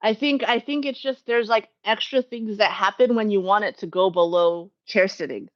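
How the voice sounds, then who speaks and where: A woman's voice: medium pitch, moderate pace, dull audio. Rambling woman chatting on a livestream. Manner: rambling, self-correcting, chatty with frequent laughs. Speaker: livestream host. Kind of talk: casual live Q&A chat. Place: at home.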